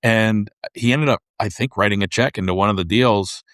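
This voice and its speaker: A man's voice: on the low side, a bit bright, clear, resonant tone, no echo. Chatty male podcast host, dry sound. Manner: chatty, quick recollections, leading questions. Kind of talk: casual interview.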